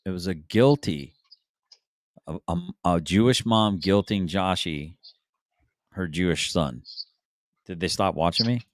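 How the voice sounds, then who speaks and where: A man's voice: low voice, unhurried, long pauses, no room sound, studio quality. A man hosting a stream, giving crude, mocking, rambling reaction commentary. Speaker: stream host.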